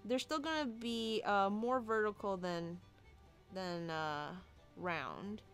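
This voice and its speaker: A woman talks through a character design as she draws, at a slow, unhurried pace. She muses aloud and hesitates, restarting her sentences and filling pauses. Soft music plays faintly in the background. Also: mid-range voice. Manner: musing, hesitant, with many fillers and restarts. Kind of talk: casual thinking-aloud commentary while drawing.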